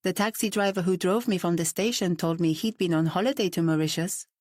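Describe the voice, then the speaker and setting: Woman reading a relaxed, chatty woman guest. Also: lowish voice, fairly quick, no echo, clean studio sound, lightly acted.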